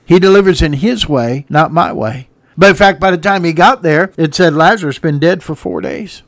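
A fiery male preacher with a slightly high voice, swinging between hushed lines and loud shouts. He slips into sung hymn phrases between points. The sound is close and dry. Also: moderate pace, dry recording. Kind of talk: sermon.

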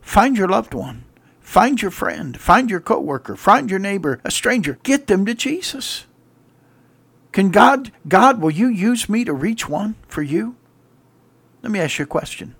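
A middle-aged male pastor preaching a radio sermon with rhetorical questions and repeated refrains, swelling to loud emphatic peaks. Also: high voice, very animated, a little slow, vocal fry, slightly rough.

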